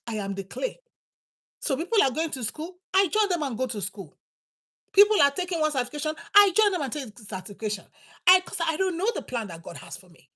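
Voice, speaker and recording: High-pitched woman preaching, keeps repeating words to drive it home. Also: a bit bright. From Nigeria. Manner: emphatic, repeats words for stress. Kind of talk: sermon.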